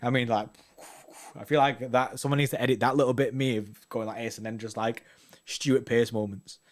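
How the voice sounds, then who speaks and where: A man's voice: medium pitch, fairly even intonation, moderate pace. A man co-hosting a football fan show, chatting casually and rambling with slang and restarts. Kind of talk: casual chat reading viewer comments.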